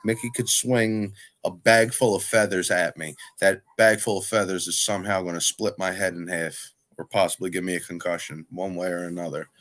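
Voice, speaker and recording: A man's voice: low-pitched, steady tone, a little fast, hardly any pauses, a bit bright. A man who wrestles for a living, chatting casually as a guest, talking with a slight lisp and rambling full of "like". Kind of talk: casual chat.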